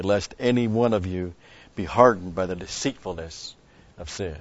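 Man, pastor, deliberate Bible teaching, lowish voice, muffled lo-fi sound. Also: dry recording. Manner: deliberate, stops to explain Greek word meanings. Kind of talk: expository Bible teaching sermon.

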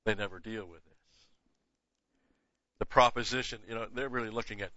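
Older guy teaching the bible, really sharp edgy tone, emphatic, muffled lo-fi sound. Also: on the low side, normal speed, no echo. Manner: emphatic, repeats key words, conversational asides. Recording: dull lo-fi dry recording.

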